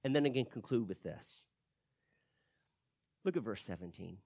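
A man preaching an expository sermon, animated and acting out the people he quotes. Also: on the low side, normal speed, creaky, no echo, clean studio sound. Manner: animated, acts out quoted speech.

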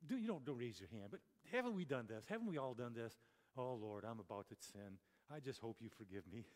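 A man's voice: medium pitch, darkish tone. A man preaching a conversational sermon, chatty and full of rhetorical questions and self-corrections. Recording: long reverb of a large hall.

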